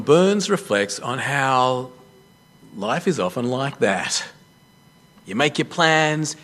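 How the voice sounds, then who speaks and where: Man, pastor, sermon, lively storytelling, fairly high voice, very expressive pitch. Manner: animated storytelling with self-deprecating jokes.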